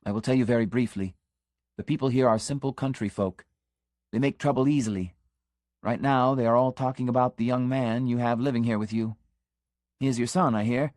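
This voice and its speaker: A man reads an audiobook role: a scandalized, earnest middle-aged country constable who issues an urgent, conspiratorial warning, sinking into a stage whisper. His natural mid-range voice is steady, slightly mellow, and a little fast, captured in a dry, clean studio recording.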